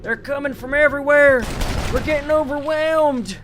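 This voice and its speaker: Man putting on a high, shouted crusader voice, fanatical, off-mic, stretched-out words. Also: steady tone, normal speed, a little hiss or hum. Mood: zealous. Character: zealous excitable man shouting orders at Carl.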